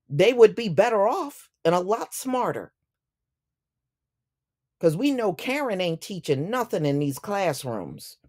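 A woman's voice: lowish voice, a little mellow. A woman delivering an opinion commentary vlog, speaking emphatically and indignantly and repeating phrases for effect. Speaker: YouTube commentator.

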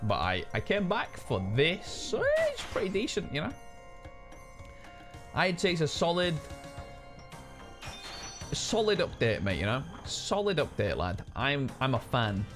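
A man chatting casually and swearing excitably while streaming a video game. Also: mid-range voice, unhurried, pauses often, over loud music. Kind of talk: casual gaming stream chat.

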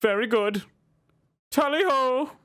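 A man's voice: very high-pitched, slow pace, a bit bright, voice pushed up, exaggerated voice. A man voicing a pompous medieval courtier who speaks in stiff archaic phrases. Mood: courtly.

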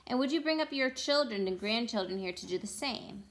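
A woman voicing a solemn, kind lion king in a storybook read-aloud, speaking in slow, grave questions. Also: fairly high pitch, lively intonation, a bit bright.

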